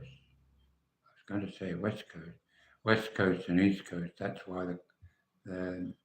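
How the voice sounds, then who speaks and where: A man's voice: deep voice, roomy sound. An older English man hosting a casual livestream, chatting and answering viewers' comments by name. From England. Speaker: livestream host.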